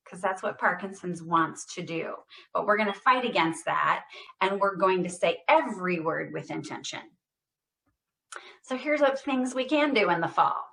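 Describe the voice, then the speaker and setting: Over a computer mic on a video call, a woman speech therapist runs a guided voice exercise class. Her pitch sits in the middle, and she talks deliberately, stressing each word and projecting loudly as she models phrases.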